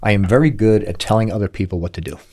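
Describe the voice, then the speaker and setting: A man's voice: fairly low pitch, very fast. A middle-aged man hosting a podcast, chatting casually and acting out quoted voices as he tells stories. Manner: animated storyteller, acts out quoted voices. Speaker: podcast host. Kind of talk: casual chat.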